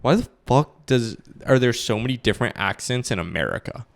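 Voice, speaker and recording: Gravelly, blunt male podcast co-host. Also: medium pitch, animated, brisk. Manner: blunt, joking, swears casually. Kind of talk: casual chat.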